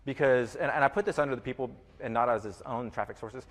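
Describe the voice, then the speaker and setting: A man's voice: medium pitch, fast talker. Rambling man teaching in an echoey room. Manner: rambling, repeats himself, many fillers and restarts. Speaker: e-commerce teacher. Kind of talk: informal teaching talk.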